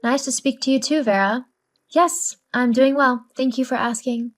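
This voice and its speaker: A worn-out young mother with a dry, sarcastic edge, voiced by a woman. Her voice sits a bit high and she pushes back firmly in a scripted read. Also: fairly even intonation, brisk, close to an everyday voice. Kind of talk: scripted story narration.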